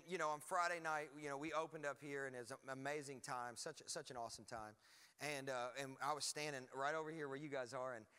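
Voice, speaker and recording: A man preaching a lively sermon as pastor, emphatic and energetic with frequent asides. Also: a little high, long reverb tail. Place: church hall.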